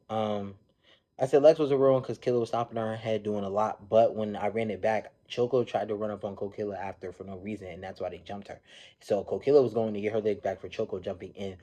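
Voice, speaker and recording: A man with a low, mellow voice tells the story of a reality show episode in a loose, slangy style. He talks with energy and acts out the people he quotes. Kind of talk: casual recap commentary.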